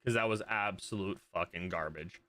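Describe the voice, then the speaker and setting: A man's voice: low voice, moderate pace, pushed and bright. A man streaming live, ranting at his viewers after a soccer match in an exasperated, profane way, and trailing off in mutters between points. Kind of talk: live stream reaction rant.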